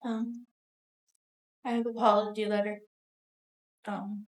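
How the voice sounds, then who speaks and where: A woman reads a prepared apology letter aloud in a courtroom, her voice soft and halting. Her pitch barely moves, staying level and monotone. The sound rings with the echo of a large, hard room. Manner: soft, halting, remorseful reading. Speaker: defendant reading an apology. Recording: echoey courtroom audio.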